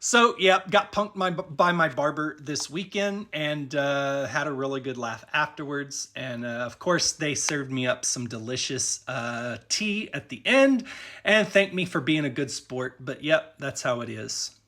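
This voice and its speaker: A man with a Cajun accent telling a funny story casually, chatty and animated, with many fillers. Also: on the high side, unhurried. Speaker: vlogger.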